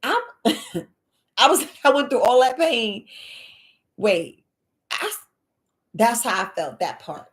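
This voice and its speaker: A woman's voice: a little high, slow pace, long pauses. A woman, hosting a live Q&A and telling a personal story in a casual, dramatic way. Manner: animated, dramatic, exclaiming quoted reactions. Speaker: live Q&A host.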